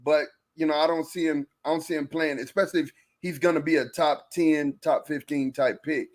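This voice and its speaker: Man, podcast co-host, casual sports chat, animated, slightly high voice. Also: a little fast. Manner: animated, talks over partner, repeats phrases.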